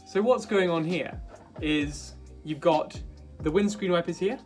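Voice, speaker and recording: A man's voice: fairly high pitch, measured pace, a little mellow. Upbeat man explaining his gadget. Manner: upbeat, explains step by step while tinkering. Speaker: maker demonstrating a project. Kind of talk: casual DIY vlog narration. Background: faint background music.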